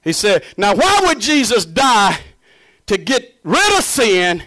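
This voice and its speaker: A fervent male preacher with a fairly high voice for a man. He swings from booming, shouted declarations down to low, hushed murmurs. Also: sing-song, slow. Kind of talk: sermon.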